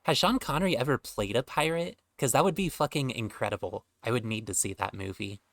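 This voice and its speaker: Bright-voiced rambling male streamer. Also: mid-range voice, brisk, creaky, no echo. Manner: rambling, joking, swears offhandedly. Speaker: game streamer. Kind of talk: casual gameplay commentary.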